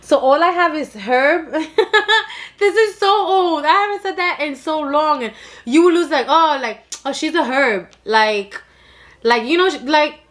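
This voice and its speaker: A young woman with a New York accent and a voice that sits high for a woman chats casually while eating on her show. She is loud and animated, a little slow, and breaks into laughter as she talks.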